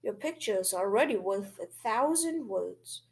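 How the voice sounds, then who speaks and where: A woman's voice: medium pitch, lively intonation, unhurried, creaky, darkish tone. A woman voicing a wisecracking young schoolboy in a children's storybook read-aloud. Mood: quipping.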